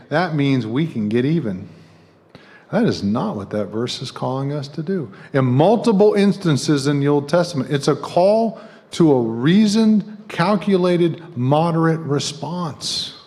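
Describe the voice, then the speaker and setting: A man's voice: on the high side, very animated, unhurried, a little mellow. A middle-aged man preaching a sermon as guest speaker, talking conversationally with joking asides to the congregation. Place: church sanctuary. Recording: long church hall reverb.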